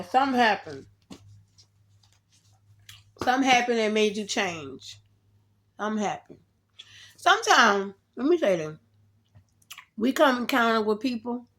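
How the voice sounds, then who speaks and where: A woman giving a casual tarot reading straight to the viewer, animated and slangy, laughing often as she talks. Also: medium pitch. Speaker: tarot reader.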